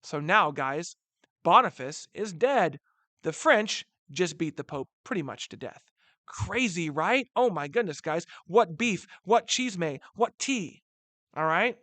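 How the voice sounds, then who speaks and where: A man teaching a history lesson in a recorded lecture, chatty and animated, calling his students guys and dropping slangy asides. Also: fairly high pitch, unhurried, no echo.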